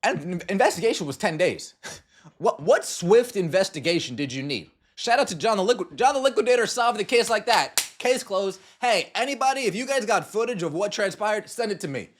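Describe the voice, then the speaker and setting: A man's voice: high voice, animated, a little fast. A man hosting a podcast, giving scornful, sarcastic sports commentary and mocking what others said. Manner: sarcastic and scornful, mocking quotes in put-on voices. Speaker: podcast host.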